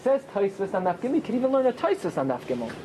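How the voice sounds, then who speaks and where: A man teaching a Torah class as a rabbi, often asking rhetorical questions and answering them himself, with pitch that swings high and low for emphasis. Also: big pitch swings, very fast, dark tone, slight background noise. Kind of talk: Torah class with Talmud study.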